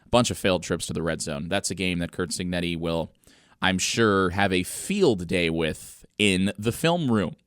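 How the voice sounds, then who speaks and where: A man's voice: low-pitched, normal speed, a bit bright, clean tone, dry recording. A young man hosting a college sports radio show, giving commentary with dry, sarcastic quips.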